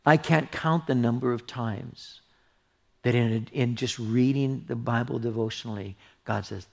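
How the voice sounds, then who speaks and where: A man pastor reads scripture aloud and then unpacks it in an earnest, conversational sermon. His mid-range voice carries a gravelly texture. He often softens to a hushed, intimate tone when making tender points. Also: mid-range voice, normal speed. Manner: earnest, drops to a hushed whisper for tender asides. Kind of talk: expository Bible teaching sermon.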